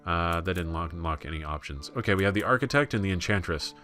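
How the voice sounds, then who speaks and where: Brief: young American man, self-mocking let's-play chatter, deep voice with a sharp edge. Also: animated, quick pace, faint music behind. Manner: rambling, self-deprecating, lots of fillers. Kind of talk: casual gameplay commentary.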